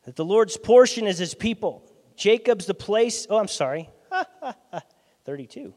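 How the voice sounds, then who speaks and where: A man with a notably high voice delivers a sermon in a conversational, animated style. His volume rises and falls sharply between quiet asides and emphatic bursts. The recording carries a long, lingering reverb from a church sanctuary. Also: a little slow. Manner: lively, conversational preaching with dramatic swings in loudness. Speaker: pastor.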